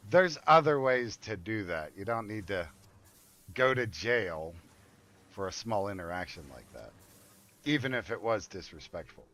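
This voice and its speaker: A man's voice: fairly low pitch, animated, measured pace, pauses often, sharp tone. An older man streaming a game, telling a long story in a blunt, profane, rambling way. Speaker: gaming streamer. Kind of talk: casual storytelling while gaming.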